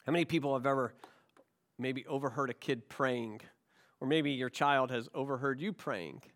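A man's voice: mid-range voice, moderate pace, fairly bright tone. A man pastor preaching a sermon in a conversational way, telling anecdotes and asking rhetorical questions, recorded in a church.

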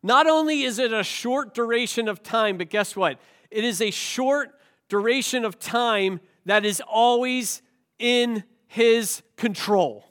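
A man's voice: very high voice, a bit bright. A male pastor with a cold, preaching a sermon with rhetorical questions and self-deprecating jokes. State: has a cold.

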